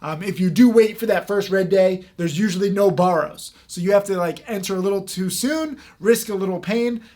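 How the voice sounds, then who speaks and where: A man with a fairly high, darkish voice teaches stock trading directly to the camera. He speaks fast and emphatically, relying on frequent fillers as he goes.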